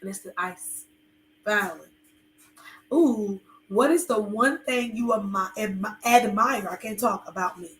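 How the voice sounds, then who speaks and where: A woman's voice: medium pitch, a little slow, roomy sound, a little hiss or hum. Chatty woman. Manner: rambling, candid, with many fillers. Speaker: podcast co-host. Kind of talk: casual chat with her husband.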